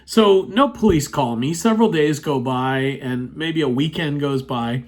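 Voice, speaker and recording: A man's voice: fairly high pitch, measured pace. A man telling a personal story in a casual, rambling way, full of "you know" fillers, sitting at his computer indoors.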